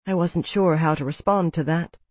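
A woman narrating a novel in a measured, even storytelling manner, close to the mic. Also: on the low side, no echo. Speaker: audiobook narrator. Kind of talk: scripted narration.

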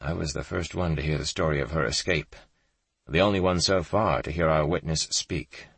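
A man narrating a thriller audiobook in a measured, grave manner, with a gravelly, husky voice. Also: very deep voice, fairly bright tone, no room sound.

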